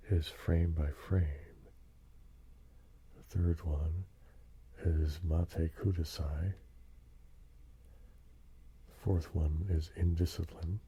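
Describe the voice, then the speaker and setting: An older man hosting a soft-spoken ASMR show and tell, slipping into whispers and rambling with tag questions. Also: low voice, breathy edge. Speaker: ASMR host.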